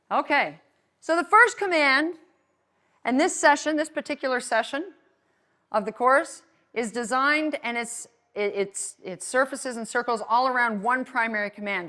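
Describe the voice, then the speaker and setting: A woman with a slightly high voice leads a dog training class. She talks in an upbeat way and keeps checking in with her listeners. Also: a bit bright. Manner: upbeat, checks in with frequent "okay?". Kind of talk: live class instruction.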